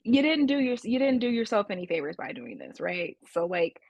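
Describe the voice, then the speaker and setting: A woman's voice: fairly high pitch, lively intonation, brisk, creaky, darkish tone, no echo, lo-fi sound. A woman co-hosting a podcast, talking casually and questioning, with many fillers. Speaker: podcast co-host.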